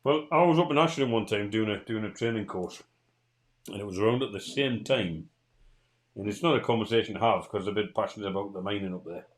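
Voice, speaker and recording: A man's voice: lowish voice, fast talker. A middle-aged man with a Geordie accent hosting a casual livestream chat, telling stories bluntly. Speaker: show host.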